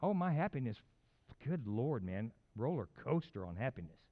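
A middle-aged man preaching a sermon, animated and conversational, with folksy asides. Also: mid-range voice, moderate pace. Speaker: pastor. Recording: dull lo-fi sound.

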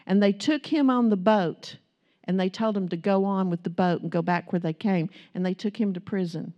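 A woman's voice: medium pitch, moderate pace, dull audio. A woman preaching a sermon, telling a story that builds into impassioned, emphatic preaching.

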